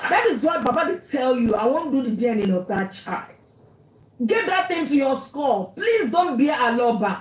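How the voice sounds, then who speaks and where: High-pitched scolding Nigerian woman. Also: big pitch swings, moderate pace, roomy sound, slight background noise, low-quality recording. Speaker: online commentator. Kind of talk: angry rant.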